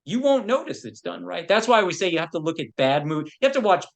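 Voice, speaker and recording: A man's voice: sits high, very animated, fast, creaky. A man who works as a film producer, a guest on a podcast, telling anecdotes in a loose way full of "you know". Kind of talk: casual interview chat.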